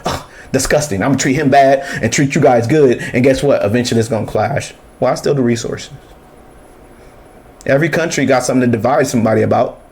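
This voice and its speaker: Blunt, animated man ranting over clips. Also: medium pitch, fast talker. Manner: blunt, animated, mocking, swears freely. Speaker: reaction commentator. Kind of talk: casual reaction commentary.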